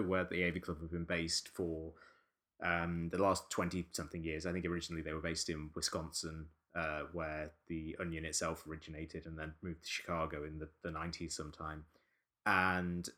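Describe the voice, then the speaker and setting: A man hosting a casual podcast discussion, talking in rambling, wry runs with frequent restarts. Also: low voice. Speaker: podcast host.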